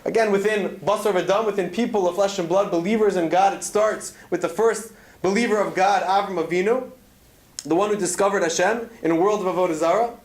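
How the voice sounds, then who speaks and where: A man's voice: high voice, fairly even intonation, brisk, roomy sound. A man telling stories with earnest conviction in a Torah talk to students, weaving in Hebrew terms. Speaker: speaker at a student event. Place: event hall.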